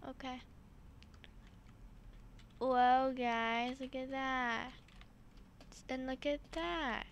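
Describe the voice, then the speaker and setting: A woman hosting casual gameplay commentary, excitable and full of exclamations as she talks to her viewers. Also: high voice, very slow, long pauses. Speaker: gaming channel host.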